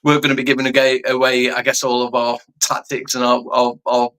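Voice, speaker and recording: A man's voice: medium pitch, completely flat delivery, brisk, fairly bright tone, rough recording. A man, a guest fan on a video call, chatting casually and rambling with lots of you knows. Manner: rambling, hedging with you know. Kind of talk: casual chat.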